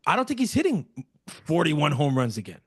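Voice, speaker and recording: An opinionated man co-hosts a sports fan show, arguing his points in loose slangy casual chat. His voice sits a little higher than most men's and is recorded dry and close. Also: huge pitch swings, a little fast, slightly rough, no echo.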